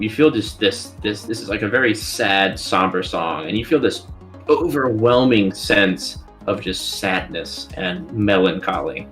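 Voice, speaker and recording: A man narrating as dungeon master, halting and full of filler words. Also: lowish voice, a bit bright. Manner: halting, full of ums and likes. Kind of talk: narrating a tabletop game.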